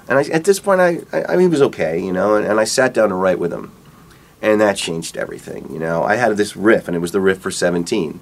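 A middle-aged man, a rock guitarist, casually telling stories about his career in a relaxed, rambling way. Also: on the low side. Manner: relaxed, rambling, acts out quotes with laughs. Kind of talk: casual storytelling interview.

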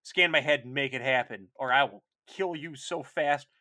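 A man's voice: mid-range voice, normal speed, pushed and bright, close to an everyday voice. A man voicing a furious, hateful warlord with blunt, profane lines during casual chat. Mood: angry.

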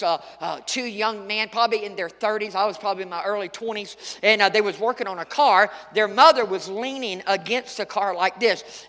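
A man's voice: sits high, sharp tone, big-room sound. A middle-aged male pastor preaching a sermon, telling folksy stories with sudden emphatic outbursts.

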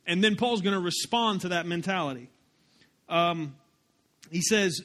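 Male pastor, high-pitched and bright, chatty animated sermon delivery. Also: moderate pace. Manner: conversational, animated preaching with asides to the congregation.

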